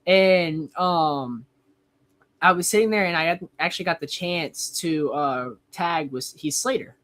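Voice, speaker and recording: A man's voice: a little high, unhurried, fairly bright tone. Young man rambling through a story. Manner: rambling, heavy use of "like". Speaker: wrestler guest. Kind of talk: casual storytelling interview.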